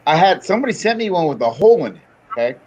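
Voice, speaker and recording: A man's voice: sits high, sing-song, racing, a loud crowd. A man joining a stream for a casual chat, laid-back and slangy, throwing in "dude" often. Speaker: guest on a stream. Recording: dull lo-fi sound.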